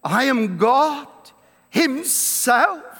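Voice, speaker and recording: A pastor preaching a sermon to his congregation, emphatic, slowing down to stress key words. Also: very high-pitched, big pitch swings, fairly bright tone, breathy edge. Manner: emphatic preaching with slow, drawn-out stresses and quoted scripture. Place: church. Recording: long reverb of a church hall.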